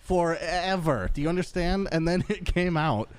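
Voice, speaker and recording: A man's voice: on the high side, moderate pace, clean tone. A man in his thirties co-hosting a casual gaming podcast, joking, swearing and laughing through loose banter. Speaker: podcast co-host. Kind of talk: casual chat.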